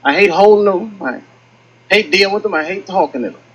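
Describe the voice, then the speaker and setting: A man doing a stand-up comedy set on stage, telling stories with lively acted-out quotes. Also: sits high, fairly quick, slightly rough, low-quality recording. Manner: animated storytelling with acted-out quotes. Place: comedy stage with live audience.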